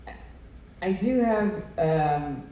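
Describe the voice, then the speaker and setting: A woman on a convention panel, speaking hesitantly with many pauses and fillers. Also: lowish voice, lively intonation, dark tone. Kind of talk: candid panel talk. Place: large convention room. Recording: echoey hall from far off.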